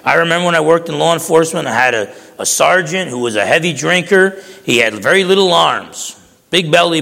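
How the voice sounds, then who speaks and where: A middle-aged man from New Jersey delivers a sermon with a gravelly, slightly high voice. He talks in a folksy, storytelling way, doubling back on his words. His voice rings through a hall with a long echo. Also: pushed and bright. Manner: folksy, repeats words, tells stories. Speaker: pastor.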